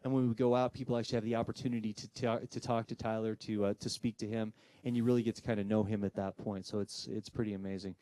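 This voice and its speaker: Fast-talking man giving a live talk. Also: fairly low pitch, no echo. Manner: animated storyteller who acts out voices in quoted dialogue. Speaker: presenter giving a talk on spirit communication. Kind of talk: live presentation storytelling to an audience.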